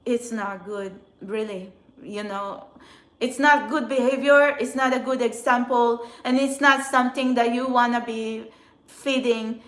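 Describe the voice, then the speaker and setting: A woman, a spiritual channeler, venting in an emotional, agitated monologue outdoors in a city, swearing often and swinging between quiet and loud. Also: fairly high pitch, fairly even intonation, unhurried, roomy sound. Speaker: spiritual channeler and tarot reader.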